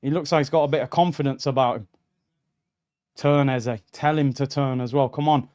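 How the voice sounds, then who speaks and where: Medium-pitched and darkish, with fairly even intonation and a moderate pace, a young man's voice comes through lo-fi sound on a streaming mic. He hosts a live football watchalong, getting heated and addressing viewers as lads and bro.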